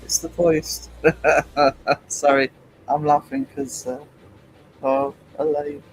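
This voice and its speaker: Chatty man, rather high. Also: lively intonation, takes it slowly, gravelly, soft background music, low-quality recording. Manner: rambling, chatty, laughs easily. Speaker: artist live-streaming. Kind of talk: casual chat with stream viewers.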